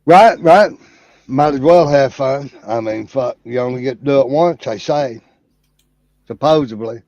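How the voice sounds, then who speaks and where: A man's voice: mid-range voice, moderate pace, mellow, no room sound, highs cut off. A man hosting his channel, chatting in a rambling, profane way and telling off-color jokes. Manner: rambling, drawling, heavy cursing. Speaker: channel host. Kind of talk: casual profane chat and joke telling.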